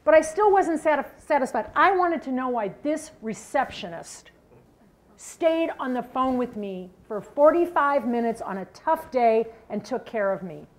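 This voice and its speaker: A middle-aged woman giving a keynote talk, telling a story in an animated way and asking the audience questions. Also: sits high, measured pace. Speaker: keynote speaker.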